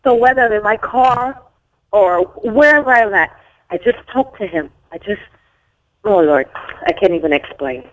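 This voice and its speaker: A woman's voice: medium pitch, animated, moderate pace. A woman calling in to a radio show, sharing an earnest, heartfelt testimony. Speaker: caller. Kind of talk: phone-in testimony. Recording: dull phone line.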